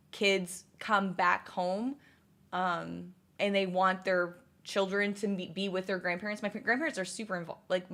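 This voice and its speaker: This young woman on a livestream has a medium-pitched, slightly bright voice. Her chat with viewers is casual and rambling, as she answers messages with many fillers and restarts.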